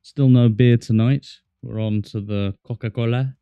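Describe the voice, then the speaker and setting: A man's voice: medium pitch, fairly even intonation, normal speed, smooth, no echo, muffled recording. Chatty man streaming a game. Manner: chatty, jokey, talks to himself while playing. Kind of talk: casual gaming livestream chat.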